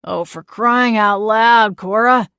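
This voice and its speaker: A woman's voice: fairly high pitch, slow pace, bright, forceful tone, no room sound, exaggerated voice. Dismissive male sheriff put on by a woman, exasperated, long-winded, condescending, dry close recording. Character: grumbling dismissive male small-town sheriff.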